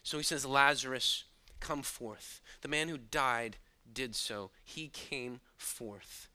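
A man preaching a sermon, moving between quiet, hushed asides and sudden loud bursts, and chuckling now and then at his own points. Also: medium pitch, slow. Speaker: pastor.

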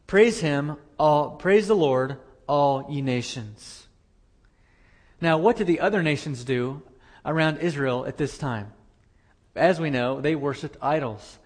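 A man preaching a sermon as pastor, earnest, repeating phrases for emphasis. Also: on the high side.

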